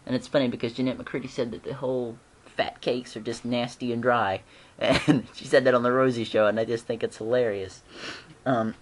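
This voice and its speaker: In a loose, chatty vlog, an excitable fan recaps a TV episode at a brisk clip in a medium-pitched voice. The talk rambles and restarts, dotted with throat clearing and little laughs, and keeps drifting into the characters' lines.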